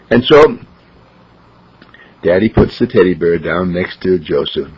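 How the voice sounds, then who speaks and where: Gravelly, husky male storyteller. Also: low-pitched, expressive, a little slow, pauses often. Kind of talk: spoken storytelling. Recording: dull lo-fi recording.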